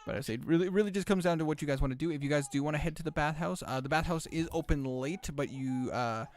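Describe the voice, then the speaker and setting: A man's voice: on the high side, fast. A man running a tabletop game over voice chat, talking casually with lots of fillers and jokes. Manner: rambling, filler-heavy, joking. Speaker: game master.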